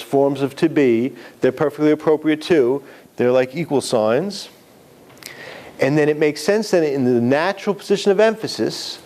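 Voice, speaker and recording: A man's voice: on the high side, darkish tone. A man teaching a class on writing, talking conversationally and putting questions to the audience. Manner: conversational, self-correcting, asks the audience questions. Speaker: writing instructor. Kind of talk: lecture to students.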